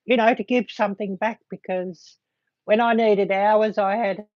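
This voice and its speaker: Woman livestream host, slow unhurried delivery, lots of ums, dull lo-fi home-mic sound. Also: medium pitch, fairly even intonation, dry recording. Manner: halting, filled with frequent ums. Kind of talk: casual livestream chat to viewers.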